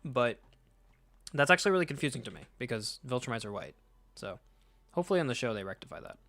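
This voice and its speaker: A man's voice: mid-range voice, sing-song, quick pace, a bit bright, dry recording. Joking man riffing through comics. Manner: loose and joking, swears freely, corrects himself mid-sentence. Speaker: comic book reader and commentator. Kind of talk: casual chat while reading comics.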